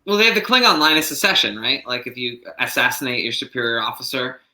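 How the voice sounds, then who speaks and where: A man's voice: mid-range voice, expressive, fast talker, sharp tone. A man co-hosting a casual podcast discussion, thinking aloud with lots of fillers. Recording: roomy echo.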